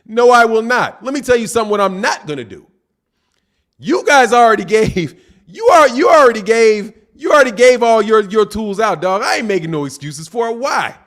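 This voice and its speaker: A man with a high, lively voice hosts a boxing live stream. He reads viewer comments aloud and fires back at them, teasing and combative, dropping "man" and "dog" at the end of his lines. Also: normal speed. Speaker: boxing channel host.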